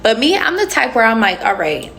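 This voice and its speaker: A woman's voice: a little high, big pitch swings, brisk, pushed and bright, a little hiss or hum. A young woman in her twenties hosting a casual livestream, chatting and answering comments with slangy asides into a phone. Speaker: livestream host.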